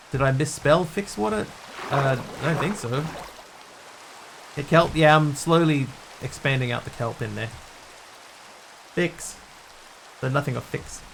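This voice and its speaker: A man streaming a building game, talking through what he does and answering questions from viewers in a relaxed, casual way. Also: medium pitch, vocal fry, background noise. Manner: thinks aloud while building, answering viewers' chat.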